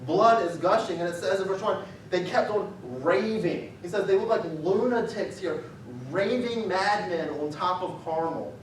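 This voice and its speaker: Animated preacher in an echoey church. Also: male voice, sits high, normal speed, hardly any pauses, slight background noise. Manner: animated, acts out the story with raised voice for quotes. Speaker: pastor. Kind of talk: sermon. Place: church sanctuary. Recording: echoey church sanctuary, mic at a distance.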